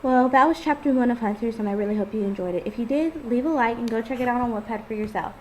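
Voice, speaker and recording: A woman's voice: fairly high pitch, fast, slight background noise, poor audio. A woman casually reading her own first-person story aloud. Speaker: fan fiction author and reader.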